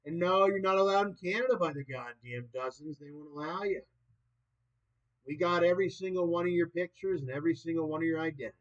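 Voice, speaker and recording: A man in his late twenties vlogging in a rambling, profane monologue that swings between loud and soft. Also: fairly high pitch, fast. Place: old property in the countryside. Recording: dull lo-fi recording.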